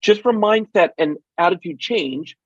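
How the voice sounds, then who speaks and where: A middle-aged man with a slightly raised, husky voice tells a story as an interview guest. He is animated and acts out the dialogue. The sound is dull, lo-fi and dry. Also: high voice, normal speed, dry recording. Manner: animated, acts out quoted dialogue, frequent ums. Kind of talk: casual storytelling in a podcast interview.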